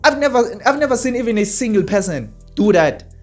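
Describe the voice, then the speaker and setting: A man's voice: sits high, expressive, brisk, soft background music. A South African man with a South African accent, giving an emphatic, indignant opinion vlog and hammering his points through repetition. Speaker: vlogger.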